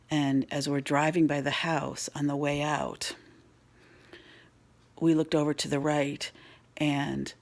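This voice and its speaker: A woman telling a spooky ghost story in a hushed voice that often drops to a whisper. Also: low-pitched, vocal fry.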